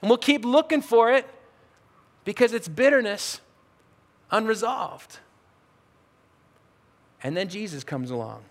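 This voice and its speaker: A middle-aged male pastor preaching a sermon, telling stories with lively swings between loud outbursts and quiet, low asides. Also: slow, long pauses. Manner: animated storytelling, swings from shouted outbursts to hushed low talk. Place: church hall. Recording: church hall with long reverb.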